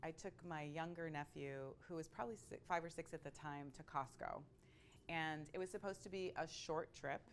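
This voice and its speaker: A woman telling a personal story in a conversational, expressive way, with frequent asides to her listeners. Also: low-pitched, normal speed, a little hiss or hum. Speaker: speaker sharing a personal story.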